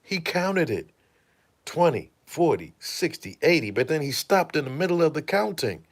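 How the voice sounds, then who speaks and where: A man hosting a casual livestream, retelling events in an animated, profane storytelling manner and thanking viewers. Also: on the high side, moderate pace. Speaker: host.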